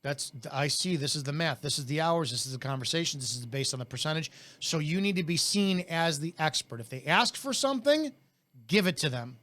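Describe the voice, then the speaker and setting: A man's voice: a little high, lively intonation, a little fast, pushed and bright. A man coaching network marketing in a blunt, intense, in-your-face way, in casual talk.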